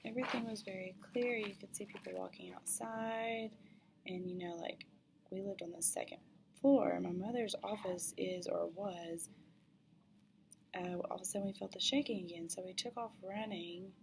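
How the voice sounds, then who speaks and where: A woman telling a personal story in a halting way, often dropping to a breathy half-whisper. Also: mid-range voice, steady tone, noisy background.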